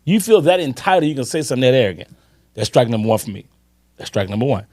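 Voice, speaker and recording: Animated man in his fifties. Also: medium pitch, dry recording, clean studio sound. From Chicago. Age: 50s. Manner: emphatic, swearing, drawn-out storytelling. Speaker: podcast co-host. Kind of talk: casual sports chat.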